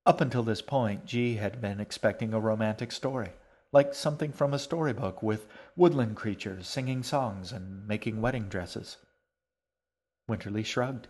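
A man narrating a storybook in a calm, even reading voice. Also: fairly low pitch, moderate pace, breathy edge.

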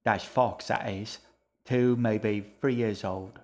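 A man's voice: fairly low pitch, steady tone, slow. A man voicing a sullen, secretive young boy in an audiobook reading, answering tersely.

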